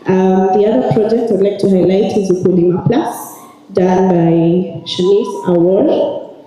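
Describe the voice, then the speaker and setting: A woman trainer, hoarse and raspy from a cold, giving an upbeat ceremony speech and calling out to the audience. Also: medium pitch, fairly even intonation, unhurried, dark tone, slight background noise. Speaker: cybersecurity trainer. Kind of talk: ceremony speech presenting student projects. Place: large hall at a graduation ceremony. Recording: echoey hall.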